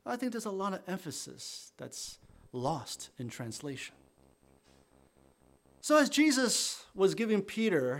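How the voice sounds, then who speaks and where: Lively high-voiced male preacher. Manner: animated preaching with big swings in loudness, dropping to near-quiet at phrase ends; conversational asides to the congregation. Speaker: pastor. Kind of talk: sermon.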